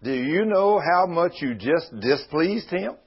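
A man's voice: on the high side, lively intonation, unhurried, husky. A man preaching a sermon in a folksy, conversational way, retelling Bible scenes. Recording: muffled lo-fi radio broadcast.

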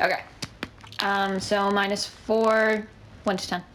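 A woman co-hosting a relaxed chat, talking animatedly and putting on voices as she retells scenes. A faint hum of noise sits under her voice. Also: medium pitch, takes it slowly. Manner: animated storyteller, acts out movie dialogue. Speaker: podcast co-host. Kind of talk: casual chat about writing prompts.

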